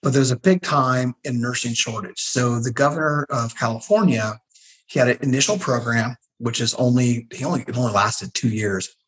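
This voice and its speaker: A middle-aged man, a guest telling stories in a casual interview, animated and acting out the people he quotes. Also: medium pitch, moderate pace, slight background noise, poor audio. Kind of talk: casual storytelling.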